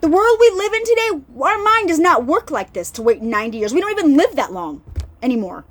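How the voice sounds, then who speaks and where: A woman with a high, light voice talks about faith in a loose, chatty way. She is animated and keeps circling back on her words, calling her viewers y'all. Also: brisk. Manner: animated, chatty, repeats herself. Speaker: faith vlogger. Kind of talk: casual Bible talk. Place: lives in an RV.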